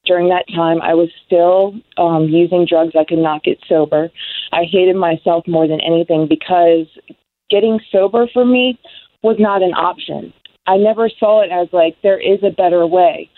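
A young woman giving an emotional personal testimony of her recovery, halting with many ums. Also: lowish voice, steady tone, no echo. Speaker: guest sharing recovery story. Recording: dry tinny phone-like sound.

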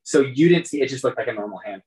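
A man's voice: mid-range voice, animated, fast, a little mellow, rough recording. Guy running a tabletop game, kinda rambly, lots of ums. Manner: loose, rambling narration with many fillers. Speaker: game master.

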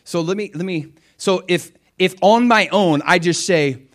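A middle-aged man preaching a sermon as pastor, animated and laughing often, speaking directly to his congregation. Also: high-pitched, unhurried.

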